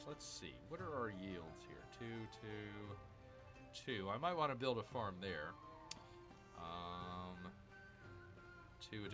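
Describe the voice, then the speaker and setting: Excitable man streaming a strategy game. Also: fairly low pitch. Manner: excitable, exclaims and addresses viewers as "people". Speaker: gaming streamer. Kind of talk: live game commentary, reading chat.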